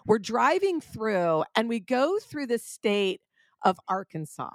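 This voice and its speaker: A woman's voice: fairly high pitch, sing-song, takes it slowly, dry recording. Chatty woman podcast host, dry sound. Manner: chatty, laughs often, addresses listeners as guys. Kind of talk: casual chat.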